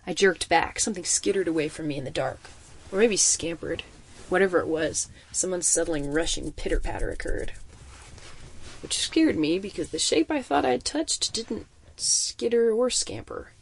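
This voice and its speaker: A man narrating a first-person audiobook story in an expressive, suspenseful manner. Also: high-pitched, moderate pace, gravelly, slightly rough.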